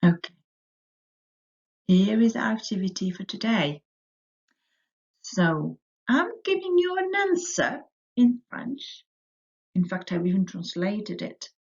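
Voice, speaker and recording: A woman teaching a French lesson to young children, saying words slowly for them to repeat, her pitch rising on each French word. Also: very animated, darkish tone. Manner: slow, drilling words for repetition, rising on French words. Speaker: primary school French teacher. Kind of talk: recorded remote lesson for children. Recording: dull lo-fi audio.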